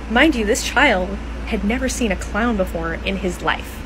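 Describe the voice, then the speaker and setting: Mom telling a creepy kid story, kinda incredulous, noisy hum behind. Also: female voice, mid-range voice, animated. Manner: quick, incredulous. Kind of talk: casual storytelling to camera.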